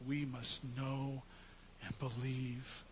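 Slow, emphatic preaching man. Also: mid-range voice, completely flat delivery, slight background noise. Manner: emphatic preaching, addresses the congregation as church. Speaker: pastor. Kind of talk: sermon.

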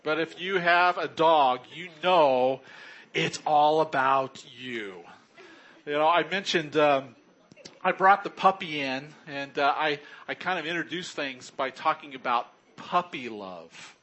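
A man's voice: fairly high pitch, a little slow, a bit bright. A middle-aged man preaching a sermon in a chatty, joking way, often chuckling. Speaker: pastor.

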